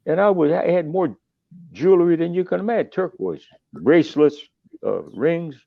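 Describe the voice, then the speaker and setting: A man's voice: fairly high pitch, expressive, moderate pace, creaky, no room sound. Older man rambling over a tinny phone line. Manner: rambling, salty anecdotes with restarts. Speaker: podcast guest, musician. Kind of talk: casual storytelling.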